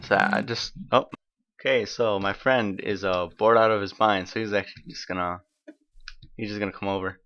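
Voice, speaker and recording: A man's voice: lowish voice, steady tone, moderate pace, creaky, a bit bright, muffled recording. A man giving casual, rambling gameplay commentary as host of his own let's play, talking in an offhand, chatty way.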